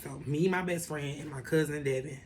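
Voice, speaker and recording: A woman telling a story in a casual vlog, animated and profane, with lots of asides to the viewers. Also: low voice, brisk, slight background noise. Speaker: vlogger.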